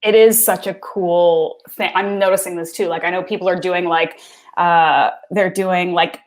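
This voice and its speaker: A woman's voice: lowish voice, steady tone, moderate pace. A woman co-hosting a podcast, chatting casually with many filler words. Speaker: podcast co-host.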